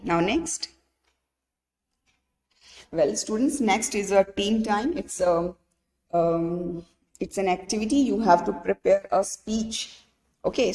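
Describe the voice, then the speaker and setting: A woman's voice: medium pitch, long reverb tail. A woman with an Indian English accent teaching an online English grammar lesson, explaining step by step and checking with her students.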